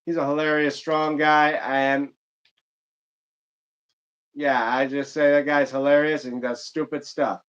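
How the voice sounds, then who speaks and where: A man's voice: a little high, flat delivery, a little slow, long pauses, fairly bright tone, clear, resonant tone, dull audio. A man from Michigan chatting loosely with viewers during a live gaming stream, rambling with many fillers and restarts. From Michigan, United States. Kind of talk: casual live-stream chat while gaming.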